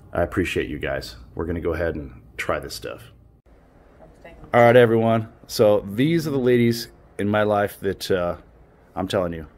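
Standing at an outdoor grill on a windy day, this US cooking channel host gushes over the food in his casual vlog. His voice sits low and slightly mellow, with wind and ambient outdoor sound layered over it.

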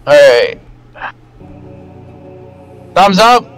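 Excitable high-voiced young man swearing. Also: very slow, faint music behind, poor audio. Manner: excitable, swears a lot, loud outbursts. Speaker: reaction video host. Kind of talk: casual reaction chat.

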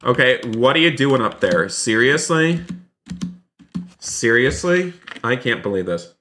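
A man's voice: medium pitch, big pitch swings, measured pace, a bit bright, a little hiss or hum. Chatty male game streamer. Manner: chatty, addresses viewers as guys, exclaims often. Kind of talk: live gaming commentary.

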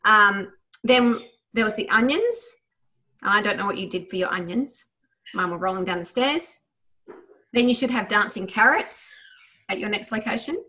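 A woman leads a guided visualization, talking quickly and eagerly with plenty of fillers. Her voice is bright and forceful and sits in a middle pitch. She sounds like she's on a video call from home. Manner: quick, enthusiastic talker who tries to slow down; chatty, with many fillers. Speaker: memory trainer.

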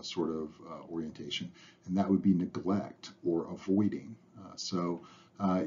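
A man with a very low, mellow voice and a slightly husky edge talks through lecture slides. He is relaxed, fills pauses with "uh," and lets his phrase ends trail off quietly. The recording sounds dull and lo-fi. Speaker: instructor.

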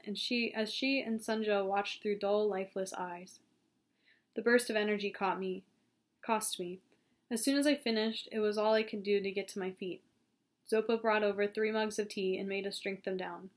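A woman's voice: mid-range voice, normal speed. Woman reading a novel aloud. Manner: calm, steady reading with small slips and restarts. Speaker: audiobook reader.

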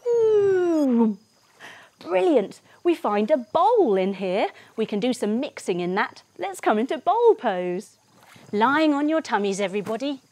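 A woman's voice: on the high side, darkish tone, no echo. A woman leading a children's yoga lesson as a story. She talks in a bubbly, encouraging, sing-song way. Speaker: kids' yoga teacher and storyteller.

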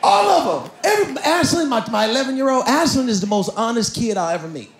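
A middle-aged man doing stand-up comedy, telling loud, animated stories and shouting his punchlines on a theater stage. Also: extremely high pitch, fast, a little hiss or hum. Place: large theater stage with audience. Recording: echoey venue with crowd laughter.

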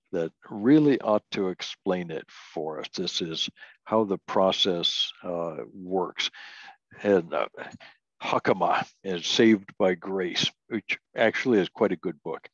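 An older man teaches doctrine in a slow, careful lecture, pausing on "uh" as he works through scripture. His voice sits on the lower side. The recording is dry and dull, with a lo-fi sound. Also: no echo. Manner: slow, deliberate, reads scripture aloud, frequent "uh" restarts. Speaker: Bible teacher. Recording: dull lo-fi audio.

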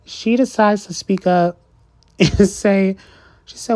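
A woman's voice: lowish voice, normal speed, a little mellow. A woman giving a sassy, casual recap of a reality show, acting out the cast's lines in changing voices and laughing often.

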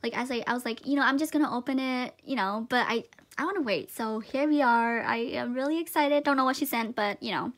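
High-voiced gushing young woman unboxing. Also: a little fast. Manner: gushing, excitable, repeats exclamations, laughs often. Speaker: vlogger. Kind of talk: unboxing vlog, casual chat to camera. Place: home room with tripod. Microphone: camera on tripod.

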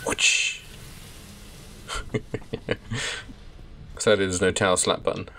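A man's voice: sits low, steady tone, a little slow, gravelly, a bit bright, slight background noise. A man casually commenting while playing a horror game, chatty and wry. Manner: chatty, wry, laughing asides. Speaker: let's play host.

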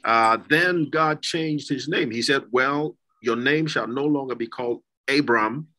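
A man's voice: medium pitch, unhurried, bright, forceful tone, rough recording. A man hosting a church talk show, reading scripture aloud and then putting a question to his guest. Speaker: host.

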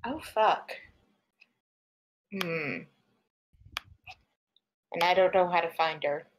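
A woman's voice: on the low side, a little hiss or hum, low-quality recording. Playful woman player at the table. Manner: playful, swears, quick laughs. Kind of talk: casual tabletop role-play.

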